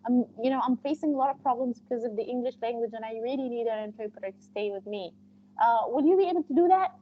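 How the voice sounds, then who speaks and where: A woman's voice: on the high side, fast talker, slight background noise, natural voice. A woman acting out an eager, chatty patient who tries to make small talk with an interpreter on a call. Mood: pleading. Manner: gushing and friendly. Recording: muffled lo-fi call audio.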